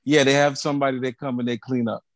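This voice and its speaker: A man co-hosting a podcast, chatting casually in a lively, teasing way that often stumbles over repeated words. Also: mid-range voice, fast talker, dry recording. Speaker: podcast co-host. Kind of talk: casual chat.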